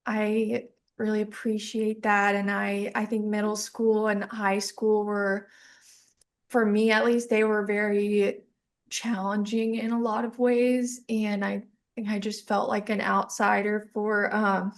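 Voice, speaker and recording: A young woman hosting a podcast, soft-spoken and hesitant, talking in an emotional, heartfelt way. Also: mid-range voice, little pitch movement, a little slow. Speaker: podcast host. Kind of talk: heartfelt interview talk.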